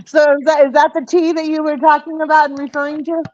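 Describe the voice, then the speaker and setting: A woman's voice: sits high, flat delivery, quick pace, a little mellow. A woman hosting her livestream in casual chat, telling rambling, meandering stories. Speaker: livestream host. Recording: dull, dry muffled stream audio.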